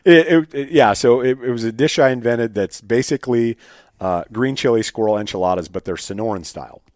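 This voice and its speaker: A man telling stories as a podcast guest in a casual, animated way, full of fillers and restarts. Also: medium pitch, a little fast, dry recording, studio quality. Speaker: podcast guest, state game bird biologist. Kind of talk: casual storytelling in an interview.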